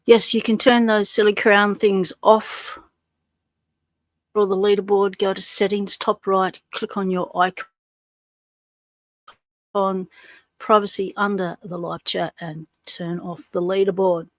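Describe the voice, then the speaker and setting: Slow-talking Australian woman hosting a livestream. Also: mid-range voice, little pitch movement, dry recording. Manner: greets chat viewers one by one, friendly slang. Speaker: livestream host. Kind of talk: casual livestream chat.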